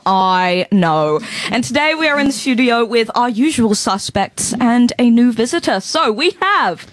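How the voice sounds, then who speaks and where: A woman's voice: medium pitch, expressive, a little slow, no room sound. A woman hosting a radio show in the studio, chatting playfully and laughing often with her guests. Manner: playful, giggly, bubbly. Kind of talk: casual radio banter.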